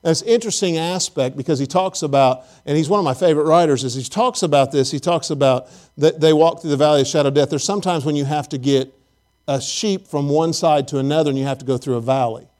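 A man's voice: fairly high pitch, fast, a little mellow. Folksy, joking male pastor preaching. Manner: conversational, joking, speaks straight to the congregation. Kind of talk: sermon. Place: church service.

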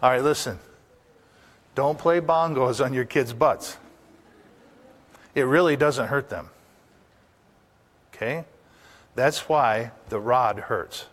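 A man's voice: medium pitch, slow pace, long pauses, a bit bright. An older man, a pastor, preaching a sermon in a folksy, anecdotal way, asking the congregation rhetorical questions.

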